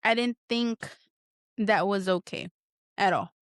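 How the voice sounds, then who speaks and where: Speaking slowly in a smooth, medium-pitched voice, a woman hosts a candid solo podcast monologue. Her venting is blunt, emotional, and heavily profane, with frequent restarts and repetition as she searches for words. The studio-quality recording is dry.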